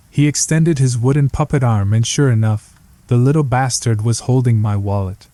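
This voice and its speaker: A man tells a first-person horror story in a gritty, hard-boiled voice. His tone is mellow and warm. The recording is dry and close, with no room sound. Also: medium pitch, moderate pace, no room sound. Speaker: narrator.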